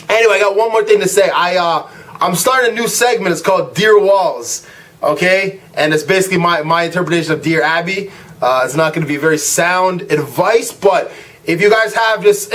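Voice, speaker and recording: Speaking to camera in a voice that sits high, a young man rants casually as a vlogger. His animated story includes impressions of what others said, along with frequent fillers and false starts.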